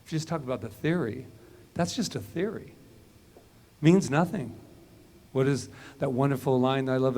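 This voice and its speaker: Male minister, conversational sermon, personal anecdotes, hushed asides, mid pitch. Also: normal speed, pauses often, a little hiss or hum. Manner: conversational and storytelling, drops to a hush when recounting inner moments.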